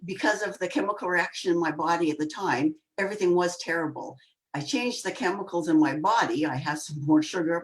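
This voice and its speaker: A woman on a coaching panel talking in an expressive, animated way, acting out examples as she goes. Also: lowish voice, rough recording. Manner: expressive, animated storytelling with laughs and acted-out quotes. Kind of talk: panel discussion.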